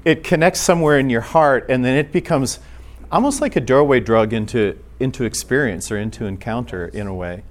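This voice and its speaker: A man teaching a church class in an earnest, halting way, restarting his sentences often. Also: medium pitch.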